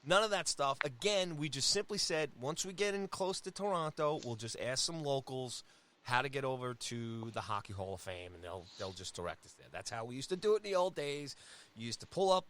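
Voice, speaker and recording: A man, telling a story on a podcast. He talks casually and with energy, and he acts out the voices of people in the story. His voice sits at an ordinary middle pitch. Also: a little fast. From Long Island, New York. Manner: animated, acts out quoted voices. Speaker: podcast co-host.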